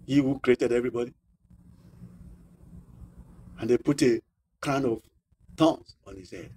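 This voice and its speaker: A male pastor preaching in an animated call-and-response way, firing questions at the congregation and stretching out key words. His voice sits at an ordinary middle pitch for a man. A faint hiss of room noise sits behind him. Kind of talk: sermon.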